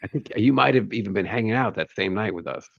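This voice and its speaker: A hoarse man co-hosting a podcast, joking crudely in a casual chat. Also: on the low side, fast, a bit bright, dry recording, lo-fi sound. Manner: crude, joking, does voice impressions. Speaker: podcast co-host.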